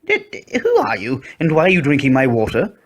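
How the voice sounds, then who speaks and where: A man voicing a fat, lazy male pug dog that squeaks and takes offence easily, in a storybook reading. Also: wildly swooping pitch, brisk. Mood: startled.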